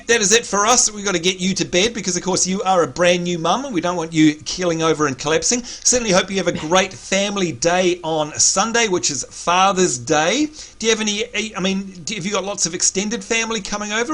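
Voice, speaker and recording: A man's voice: sits high, brisk, few pauses, a bit bright. An Australian man hosting a live game stream, chatting casually and reading out viewer names in an upbeat way. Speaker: stream host.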